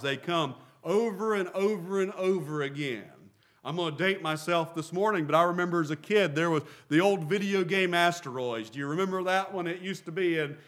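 A man's voice: high voice, a bit bright. A middle-aged man preaching a sermon as a pastor, asking rhetorical questions and repeating phrases for emphasis.

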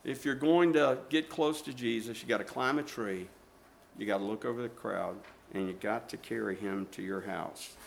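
A middle-aged or older male preacher giving a sermon. He tells stories with emphasis and repeats his phrases, moving between loud and hushed delivery. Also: on the low side, normal speed, vocal fry.

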